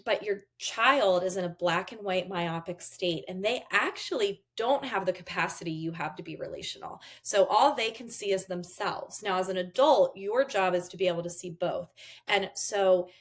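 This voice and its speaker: Woman therapist on a podcast, middle pitch, walks through advice step by step. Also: moderate pace. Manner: explains step by step, acts out parent and child lines. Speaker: therapist guest. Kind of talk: interview advice.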